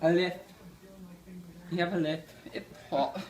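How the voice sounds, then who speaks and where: A man's voice: high voice, level tone, unhurried, roomy sound, recorded from a distance, a crowd in the background, poor audio. Dad in a family home video, a man joking and playing along. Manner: playful, joking.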